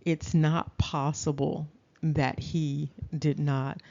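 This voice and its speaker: A woman talks through a lecture at a slow, measured pace. Her voice is warm and dark in tone, and she checks in with her audience as she goes. The recording sounds dull and lo-fi. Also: sits low, flat delivery, gravelly. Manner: deliberate, checks in with "okay?". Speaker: lecturer presenting slides.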